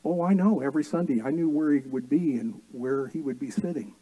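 A middle-aged male pastor preaching from the pulpit, slipping into homely stories with a dry wit. His voice sits a bit high for a man yet sounds dark and mellow. The sound is close and dry, with no room echo. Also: a little fast. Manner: storytelling with dry humor. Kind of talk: sermon.

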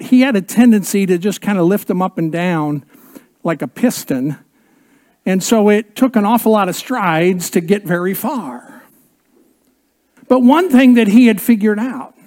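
Animated preacher telling a funny story. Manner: animated storyteller, chuckling through the tale; drops low and quiet for serious points. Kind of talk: sermon with a humorous personal story.

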